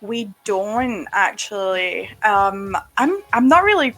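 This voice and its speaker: A woman's voice: medium pitch, big pitch swings, slow pace, fairly bright tone, poor audio. A woman with a Scottish accent chats as a guest on a live stream. She sounds a little nervous and laughs easily. Faint music plays in the background. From Scotland. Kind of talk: casual live-stream chat.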